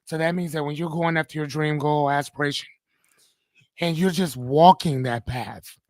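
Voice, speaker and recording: A man's voice: a little high, steady tone, normal speed, a little mellow, no room sound. Casual, swearing motivational man. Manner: casual, profane, keeps asking "right?". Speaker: motivational speaker, host. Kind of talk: live-streamed motivational talk.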